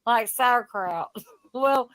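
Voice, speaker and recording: A woman with a Tennessee accent hosting a casual co-stream, playful and quick to laugh. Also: a little high, fairly bright tone, dry recording. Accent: Southern US, Tennessee. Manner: playful, laughing, affectionate teasing. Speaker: livestream host.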